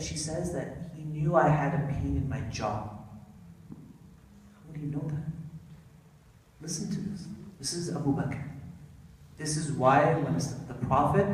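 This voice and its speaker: A man giving a sermon at an Islamic center, telling a story with lively emphasis and asking the audience questions. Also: on the high side. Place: large hall of an Islamic center. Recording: echoey hall, distant mic, faint noise.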